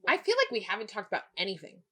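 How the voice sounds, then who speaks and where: Young woman, podcast co-host, bright voice, sarcastic, swears, casual chat. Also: medium pitch, huge pitch swings, racing.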